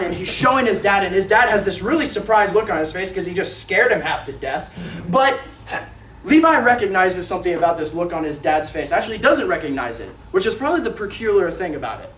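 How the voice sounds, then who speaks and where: A young man tells a sermon story, dropping to whispers and then shouting as he acts out a boy's lines. His voice sits fairly high. He is heard from some distance in a reverberant room with a faint hiss underneath. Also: big pitch swings, brisk. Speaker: student preacher. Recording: echoey room, mic at a distance.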